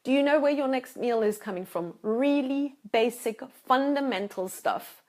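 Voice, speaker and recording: A woman's voice: sits high, normal speed, darkish tone. Emphatic woman coaching to camera. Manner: emphatic, repeats words for stress; acts out anxious inner voices. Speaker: life coach. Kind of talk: motivational talk to camera. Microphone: self-filmed camera.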